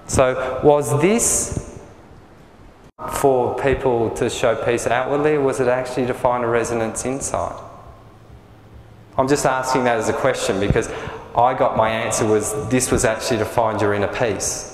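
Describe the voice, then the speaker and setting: A man giving a spiritual workshop talk to a small group, speaking gently and often checking whether his listeners follow. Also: mid-range voice, steady tone, moderate pace, reverberant, in a large hall, noisy background. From Australia. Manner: gentle, often asks the audience if it makes sense. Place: room with a live group.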